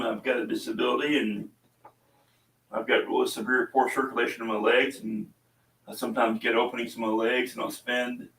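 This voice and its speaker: Middle-aged man, laid-back rambling host, mid pitch, roomy sound with the mic some distance off. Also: fairly bright tone. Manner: rambling, chatty storytelling with many fillers. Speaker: podcast host and small coffee seller. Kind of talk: casual chat. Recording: roomy echo, voice away from the mic.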